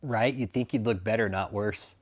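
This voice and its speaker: A man's voice: on the low side, normal speed, breathy edge. A man from Texas, hosting a casual livestream chat, swearing constantly, mocking and laughing often. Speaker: livestream host.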